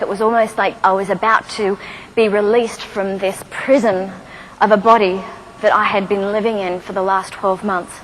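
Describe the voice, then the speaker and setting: A middle-aged woman speaks from a stage, her voice at an everyday pitch. She tells her story to a live audience, breaking it up with wry laughs and direct questions. A faint hiss sits in the background. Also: a bit bright, low-quality recording. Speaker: motivational speaker. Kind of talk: inspirational stage talk.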